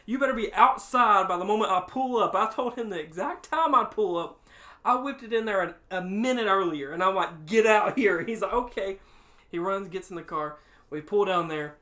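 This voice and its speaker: A man co-hosting a podcast, telling a story in casual chat, laughing often and acting out quotes loudly. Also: sits high. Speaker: podcast co-host.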